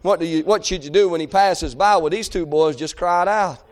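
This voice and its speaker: A man preaching a sermon, swinging between shouted appeals and hushed passages. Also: sits high, normal speed.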